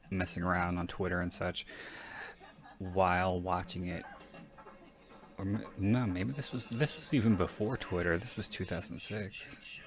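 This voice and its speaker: A man hosting a podcast, giving casual, rambling movie commentary, frank and prone to self-correction and casual swearing. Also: low-pitched. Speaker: podcast host.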